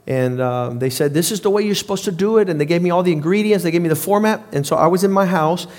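A man's voice: sits high, fast talker, a little mellow. A man preaching a sermon in an emphatic, repetitive way.

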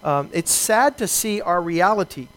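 A man with a high-pitched voice preaches a sermon from the pulpit. He reads scripture aloud and slows down to stress key words. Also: animated, a bit bright, low-quality recording. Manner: preaching with emphatic slowdowns, quoting scripture and acting out dialogue. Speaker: pastor.

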